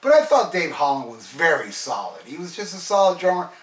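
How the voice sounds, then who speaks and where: A man's voice: fairly high pitch, sing-song, fairly quick, fairly bright tone. A middle-aged man reviewing a metal album in an enthusiastic, rambling, casual way, swearing freely. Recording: roomy echo, distant from mic.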